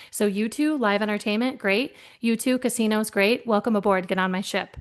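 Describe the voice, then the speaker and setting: A middle-aged woman, a guest speaker, telling animated anecdotes in conversation and acting out the voices of the people in them. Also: mid-range voice, fairly quick, few pauses. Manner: lively, acts out voices in her anecdotes.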